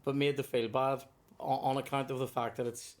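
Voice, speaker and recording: A man's voice: medium pitch, flat delivery, brisk, darkish tone. A man, a comedian guest telling rambling stories in casual chat and laughing as he talks.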